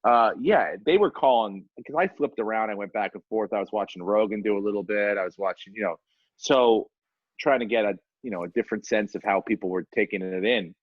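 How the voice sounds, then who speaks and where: A man's voice: lowish voice, fairly quick, no echo, highs cut off. A man in his forties hosting a podcast in casual chat, rambling and profane with self-deprecating asides. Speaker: podcast host.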